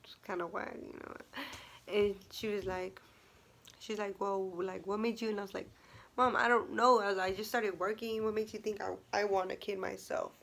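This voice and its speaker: A woman's voice: mid-range voice, little pitch movement, moderate pace, gravelly. A young woman vlogging casually, chatty and full of fillers, acting out what people said. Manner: chatty, many fillers and laughs, acts out quotes. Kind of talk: casual storytime vlog.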